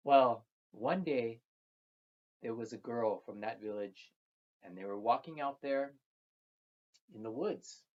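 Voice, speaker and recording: A storyteller speaking slowly and gently, repeating phrases while telling a traditional tale to children. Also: medium pitch. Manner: slow, gentle and repetitive, with soft trailing phrases. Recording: dull lo-fi recording.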